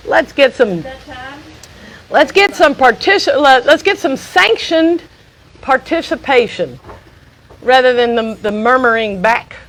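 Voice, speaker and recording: Bright-voiced woman hosting. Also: high voice, low-quality recording. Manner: bossy, playful scolding. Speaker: host. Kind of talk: comic talk show banter.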